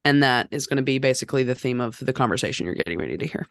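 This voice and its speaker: An easygoing podcast co-host who agrees readily and reads a guest bio in an unhurried way. The voice sits at a middling pitch, and the sound is dry and close with no room around it. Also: expressive, fairly bright tone, no room sound. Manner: easygoing, agreeable, quick to affirm. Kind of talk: casual podcast chat and reading guest bios.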